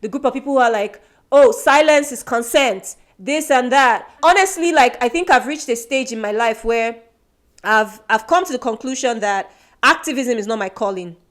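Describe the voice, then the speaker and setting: A woman's voice: on the high side, expressive, moderate pace, a bit bright. A woman born in Nigeria co-hosting a podcast, talking earnestly and reflectively in a casual chat. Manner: earnest, self-reflective, many restarts. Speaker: podcast co-host.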